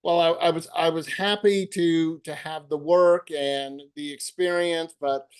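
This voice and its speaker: Higher-voiced male interview host. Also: steady tone, smooth. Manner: friendly, jokey, halting questions. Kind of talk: casual interview.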